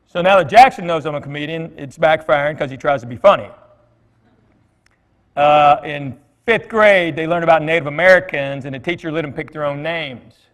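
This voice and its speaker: A middle-aged man with a slightly high voice talks to a church crowd on a stage mic. He tells stories in a loose, joking way, full of fillers and asides. His voice carries a long reverb from the large hall. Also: moderate pace, fairly bright tone. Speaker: comedian speaking at church. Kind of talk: storytelling talk to a congregation.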